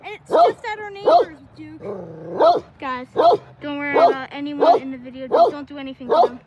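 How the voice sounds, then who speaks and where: A woman's voice: sits high, big pitch swings, normal speed, lo-fi sound, crowd noise. A woman vlogging casually outdoors with her dogs, chatting to them fondly on a handheld camera. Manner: chatty, talks to the dogs in a fond sing-song. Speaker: pet vlogger. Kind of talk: casual vlog with pets. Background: dogs barking.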